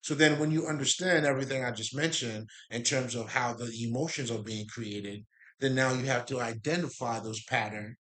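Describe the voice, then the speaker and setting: A man's voice: mid-range voice, normal speed, a bit bright. A man giving a casual spiritual monologue, rambling and streetwise, swearing freely and breaking into laughs. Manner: rambling, profane, laughs often, streetwise slang. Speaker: spiritual talk host.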